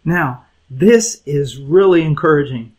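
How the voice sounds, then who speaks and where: Man, Bible teacher, slightly high voice, earnest, emphatic, chuckles often. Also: measured pace, a little mellow, husky, poor audio. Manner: asks listeners direct questions. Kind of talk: conversational Bible lesson for young people.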